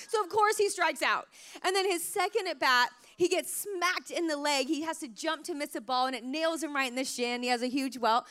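A woman in her thirties, a mother telling emotional family stories in a casual, animated way, full of "like" fillers, her throat a little sore. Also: high-pitched. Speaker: mother sharing parenting stories. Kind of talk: casual storytelling to camera.

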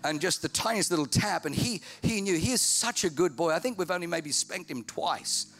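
Male pastor, sermon, high and lively delivery with a bright edge. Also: normal speed. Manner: animated, joking, emphatic.

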